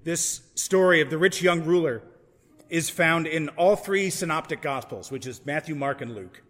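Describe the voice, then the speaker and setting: A man's voice: a little high, normal speed, fairly bright tone. A man preaching a sermon in a church, explaining in a conversational way and restarting phrases as he thinks aloud. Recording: long church reverb.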